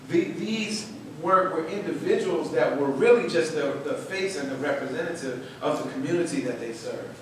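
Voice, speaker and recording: A man's voice: on the high side, slight background noise. Emphatic man, echoey far-off room. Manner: animated, emphatic, repeats words for stress. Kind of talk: passionate storytelling talk.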